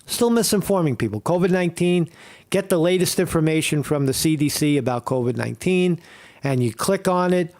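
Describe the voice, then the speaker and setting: A man hosting a livestream, ranting in a heated, profane way and repeating himself with many fillers. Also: sits high. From Northeast Pennsylvania. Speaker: streamer host.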